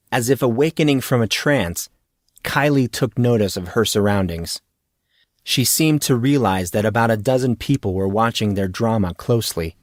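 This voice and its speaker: A man narrating a fantasy audiobook with a steady storytelling delivery, on a close studio mic. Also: on the low side, no echo. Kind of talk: scripted narration.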